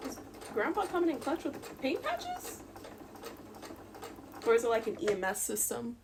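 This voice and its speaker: A woman's voice: on the high side, huge pitch swings, normal speed, background noise. A young woman streaming live as she sews, chatting and giggling and muttering to herself as she works. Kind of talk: live-stream chat while sewing.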